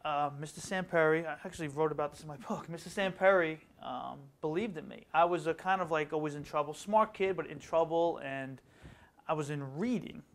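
A middle-aged man from Long Island, an author and educator, telling stories in a quick, animated way as a guest in a casual interview. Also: fairly high pitch. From Long Island, New York. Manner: fast, animated storytelling.

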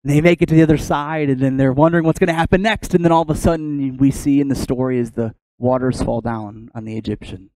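A male pastor preaching a sermon, retelling a story in an animated way. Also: medium pitch, fast, few pauses, dry recording, low-quality recording.

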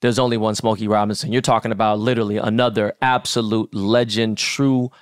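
A middle-aged man co-hosting a podcast, telling animated, profane stories in casual chat. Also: fairly low pitch, fairly quick, smooth, no echo, studio quality. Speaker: podcast co-host.

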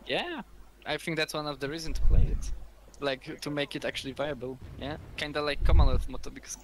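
Ein Mann mit polnischem Akzent, Polnisch als Muttersprache, der beim Spielen locker plaudert und seine Mitspieler neckt. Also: male voice, fairly high pitch, a little fast. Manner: joking, teasing banter. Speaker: streamer playing a tank game. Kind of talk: casual gaming chat. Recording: noisy home mic.

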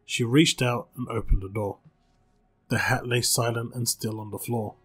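A man reading a spooky short story aloud with calm, measured narration, as channel host. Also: medium pitch, slightly rough, soft background music.

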